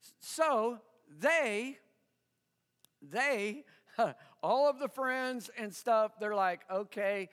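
A man preaching a sermon, retelling a story in an animated way, acting out the voices of the people in it and chuckling often. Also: extremely high pitch, extremely slow, pauses often, clean tone, in a large hall. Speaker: pastor.

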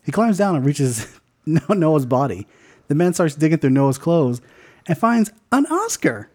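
A man's voice: fairly high pitch, sing-song, a little slow, a little mellow. A man co-hosting a podcast, casually telling a made-up movie ending, joking and swearing, often laughing mid-sentence. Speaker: podcast co-host.

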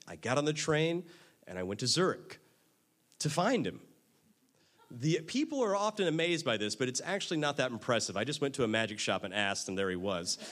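A man, a magician, telling a comedic personal story in an animated, self-mocking way. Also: on the high side.

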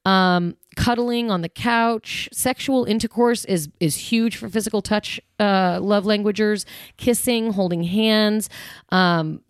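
A woman's voice: medium pitch, no room sound, studio quality. A woman in her thirties hosting a podcast, chatting casually about relationships and laughing easily. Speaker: podcast host.

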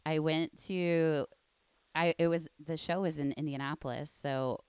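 Low-voiced woman hosting a chat. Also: steady tone, measured pace, darkish tone, clear, resonant tone, no room sound. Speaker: podcast host, bodybuilding coach. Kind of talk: casual podcast chat.

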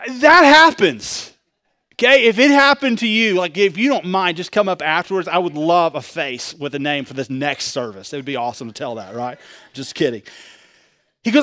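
A pastor preaching a sermon with animated delivery, asking the congregation rhetorical questions and pushing his voice up loud. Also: a little high, normal speed, no echo, studio quality.

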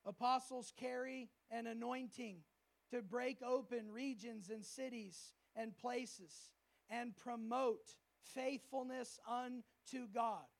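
A male pastor preaching a sermon at a church service, lively and humorous, often acting out the voices of people he quotes. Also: very high voice, slow pace, gravelly.

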